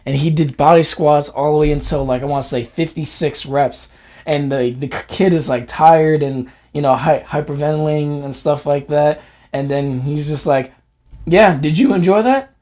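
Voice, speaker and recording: A man's voice: on the high side, level tone, moderate pace, darkish tone. A man in casual conversation telling a story, often quoting people in a raised voice. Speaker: podcast co-host. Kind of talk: casual chat.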